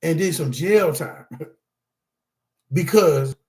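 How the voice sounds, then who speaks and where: A man's voice: on the high side, animated, slow pace, darkish tone, reverberant. A man hosting a support-group talk to camera, part preaching, part casual chat, who laughs often and calls his viewers y'all.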